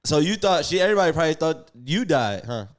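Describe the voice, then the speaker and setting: A young man co-hosting a podcast, joking around in loud, slangy banter. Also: fairly high pitch, big pitch swings, fast talker. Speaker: podcast co-host. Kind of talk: casual chat.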